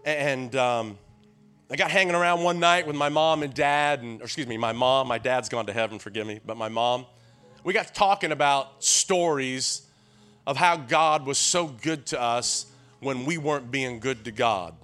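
Sixty-something Tennessee preacher man, bright-voiced. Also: medium pitch, moderate pace, faint music behind. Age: 60s. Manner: lively call-and-response, keeps urging the crowd on; folksy storytelling with frequent restarts. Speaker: guest preacher. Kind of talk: sermon.

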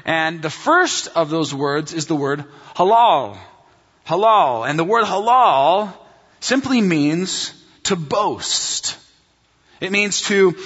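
A man's voice: high-pitched, a bit bright. A man preaching a sermon as pastor, emphatic, repeating key phrases and calling his listeners friends. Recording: dull sound with long hall reverb.

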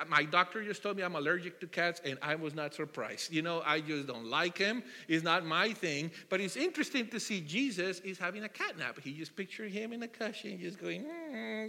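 A man preaching a sermon, telling the story in an animated way, asking the congregation questions and often restarting his sentences. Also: high voice. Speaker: pastor. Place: church hall. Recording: long hall reverb.

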